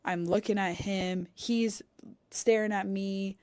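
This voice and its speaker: A woman's voice: medium pitch, slow, clear, resonant tone, no echo. A young woman co-hosting a podcast, telling a story in casual chat and animatedly acting out the dialogue. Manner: animated, acts out quoted dialogue, cusses. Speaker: podcast co-host. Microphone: studio podcast mic.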